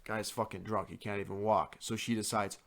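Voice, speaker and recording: A man co-hosting a podcast, telling a story in a casual, animated and profane way. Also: lowish voice. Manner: animated, profane, quick to act out others. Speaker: podcast co-host.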